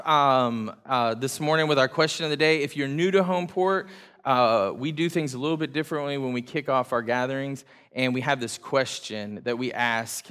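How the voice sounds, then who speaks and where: A man's voice: mid-range voice, pushed and bright, clear, resonant tone. A man leading a church gathering, talking casually to the congregation with self-deprecating jokes, many fillers and restarts. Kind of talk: casual joking talk to a congregation. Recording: reverberant hall sound.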